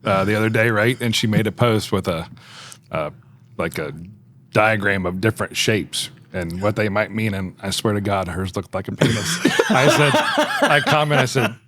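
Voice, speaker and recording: A man appearing as a guest on a casual podcast, telling a quick, chatty story. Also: on the low side, a bit bright, slight background noise.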